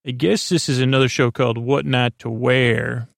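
A man's voice: medium pitch, steady tone, moderate pace, creaky, no echo, studio quality. A man hosting a podcast, recapping a TV episode in a meandering way, full of fillers and self-corrections. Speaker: podcast host. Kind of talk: rambling episode recap for sleep.

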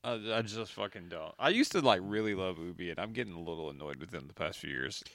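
A man co-hosting a casual video game chat, talking animatedly, swearing and jumping up in pitch to make a point. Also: fast, gravelly, no echo. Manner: animated, swears, jumps up in pitch when emphatic. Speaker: podcast co-host.

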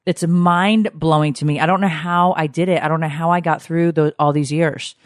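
Woman, middle-aged, podcast co-host, gossipy and animated, casual chat, dry recording. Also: deep voice, moderate pace, no echo. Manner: animated, gossipy storytelling with swearing.

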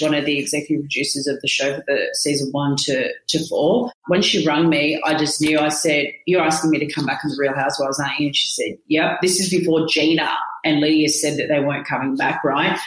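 A woman co-hosting a casual chat, telling stories in an animated way and laughing often. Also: deep voice, a little fast. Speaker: podcast co-host. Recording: echoey room.

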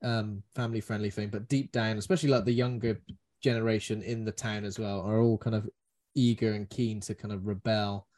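A man's voice: lowish voice, steady tone, fairly quick, a little mellow. A man hosting a casual film review chat, rambling and joking. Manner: rambling, jokey, does silly voices. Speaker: podcast host.

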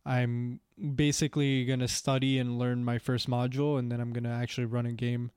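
A man's voice: mid-range voice, flat delivery, fairly quick, a little mellow, clear, resonant tone, no room sound, studio quality. A young man chatting casually as a podcast co-host, rambling with frequent restarts and laughter. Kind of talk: casual chat.

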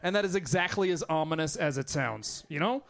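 A man's voice: on the high side, lively intonation, fairly quick, gravelly, a bit bright. A young man doing stand-up comedy on a club stage, chatting with the crowd and laughing between jokes.

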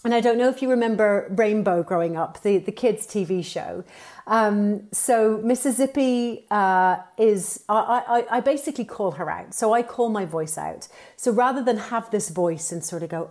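Upbeat animated woman guest. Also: medium pitch, moderate pace. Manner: animated, upbeat storytelling with playful quoted voices. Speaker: guest, TV presenter and author. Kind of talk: conversational podcast interview.

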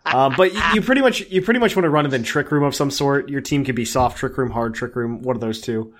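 A man's voice: mid-range voice, fast, fairly bright tone. A man co-hosting a casual podcast, talking enthusiastically and rambling with many fillers. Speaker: podcast co-host. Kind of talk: casual chat.

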